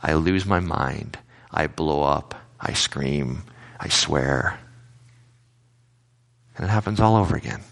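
A male pastor giving a casual, conversational sermon, telling everyday anecdotes with animated retellings. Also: extremely low pitch, takes it slowly, creaky, pauses often.

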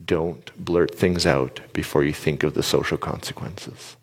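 A man giving a live talk to an audience, telling stories in an animated way and asking the crowd questions. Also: rumbling low, a little slow, slightly rough, big-room sound. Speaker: speaker addressing an audience.

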